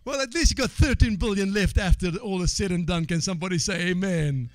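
A man preaching a sermon as pastor. He moves from quiet asides to shouted exhortation, repeats phrases and calls out for amens from the congregation. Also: high-pitched, brisk, hardly any pauses, no echo.

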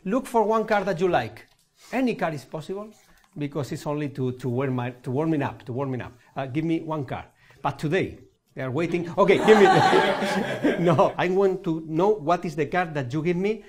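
A man's voice: fairly high pitch, animated, normal speed. A Spanish man with a Spanish accent and broken English, performing a playful live magic show with audience laughter and banter. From Spain.

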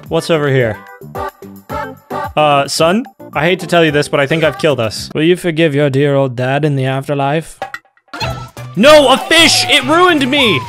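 A young man riffs through a co-op platformer, joking and bursting into exaggerated yells at his teammates. His voice sits a little high for a man. Loud game music plays underneath him the whole time. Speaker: gaming YouTuber. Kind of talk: let's play commentary.

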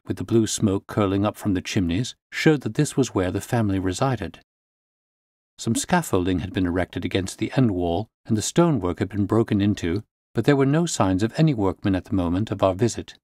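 Man calmly narrating a classic story. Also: lowish voice, dry recording, clean studio sound.

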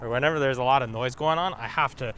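Outdoors at a car wash, a man vlogs casually on a lavalier mic with a medium-pitched, fairly bright voice at a quick pace, with a little hiss or hum. He's chatty and playful as he shows off his gear.

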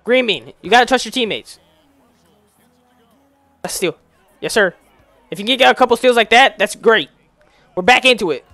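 A young man giving casual commentary while playing a basketball video game, slangy and excitable, calling out plays to the game. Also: extremely high pitch, normal speed, pauses often, no room sound, faint music behind. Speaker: gaming YouTuber.

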